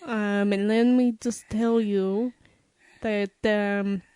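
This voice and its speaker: A woman voicing an adult male basketball star in an improv comedy scene, with an untrained, halting put-on French accent. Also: mid-range voice, fairly even intonation, dark tone, smooth, no echo, clean studio sound, lightly acted. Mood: earnest.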